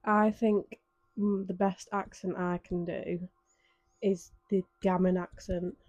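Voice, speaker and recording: A woman's voice: lowish voice, flat delivery, takes it slowly, darkish tone, no echo, dull audio. A woman co-hosting a podcast, chatting in a laid-back, teasing way. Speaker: podcast co-host. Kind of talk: casual chat.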